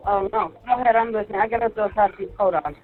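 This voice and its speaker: Soft-spoken woman over a phone line. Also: medium pitch, fast talker. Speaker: wife on a phone call. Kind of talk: casual phone chat.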